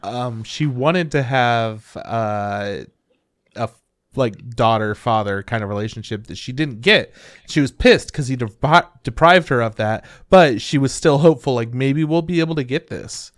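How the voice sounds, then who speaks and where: A man's voice: mid-range voice, measured pace, no room sound, clean studio sound. A man co-hosting a casual anime review podcast, blunt and casually swearing. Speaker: podcast co-host.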